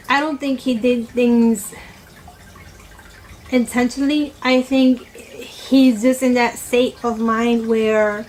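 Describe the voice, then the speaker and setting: A woman's voice: on the high side, a little mellow, slight background noise, poor audio. A woman vlogger chatting casually about her opinions while eating, rambling and correcting herself as she goes. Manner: rambling, with many "you know" fillers and self-corrections.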